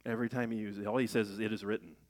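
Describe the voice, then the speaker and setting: A man's voice: lowish voice, flat delivery, racing, darkish tone. A middle-aged man preaching a sermon in a conversational way, asking rhetorical questions and raising his voice for emphasis. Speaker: pastor.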